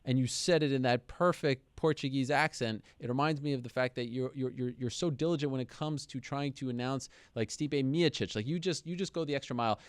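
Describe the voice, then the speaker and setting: Male interviewer, smooth clean voice in a dry room; effusive, trips over repeated words. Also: mid-range voice, brisk, few pauses, no room sound. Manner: warm-hearted, effusive, stumbles and repeats words. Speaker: MMA show host. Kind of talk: casual interview.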